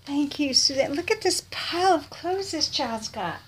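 Woman, middle-aged, soft whispery gushing, faint background hiss. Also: high-pitched, animated, normal speed. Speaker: vlogger. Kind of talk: casual unboxing chat. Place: home, indoors.

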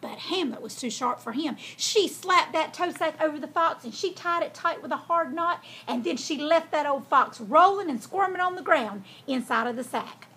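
A woman hosting a storytime, reading a children's tale aloud in a folksy, lively way. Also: sits high, normal speed, few pauses, a little hiss or hum. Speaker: storyteller host.

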